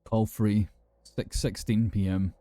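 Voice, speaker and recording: A man narrating a horror story in a grave, measured, scripted way. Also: fairly low pitch, flat delivery, warm tone, no echo.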